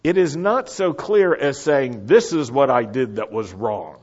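Slow, deliberate male preacher. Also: mid-range voice, animated, darkish tone, highs cut off. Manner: slow, deliberate preaching with repeated call-and-response phrases. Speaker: pastor. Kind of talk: sermon.

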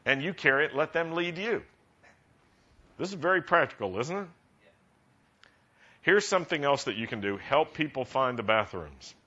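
A man preaching a sermon to a congregation in a conversational, practical way, rising to animated emphasis. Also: mid-range voice. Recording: dull lo-fi sound.

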